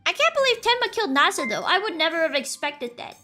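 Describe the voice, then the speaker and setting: A young woman streaming a game, chatting in a bubbly, excitable way and squealing when delighted. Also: very high voice, fast, soft background music. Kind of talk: casual game stream commentary.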